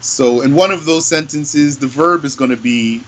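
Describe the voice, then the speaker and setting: A man teaching Arabic grammar in English, explaining slowly and patiently and repeating his example phrases. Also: on the high side, a little hiss or hum, rough recording. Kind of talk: slow classroom explanation.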